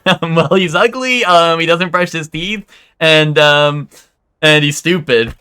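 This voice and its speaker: A man's voice: on the high side, takes it slowly, pushed and bright, clear, resonant tone. A young man streaming a game live, rambling and joking with crude banter to his chat. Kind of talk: casual live gameplay chat.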